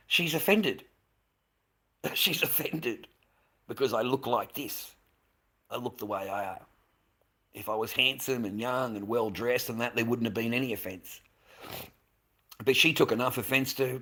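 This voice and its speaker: Blunt, sharp-toned man ranting. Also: mid-range voice, moderate pace. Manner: blunt, profane, rambling, stammering restarts. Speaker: livestream host. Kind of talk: casual livestream rant.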